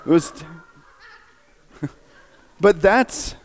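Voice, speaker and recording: Pastor, male, slightly higher pitch, earnest and emotional storyteller. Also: drawn-out words. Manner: earnest, emotional, animated retelling. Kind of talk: sermon storytelling.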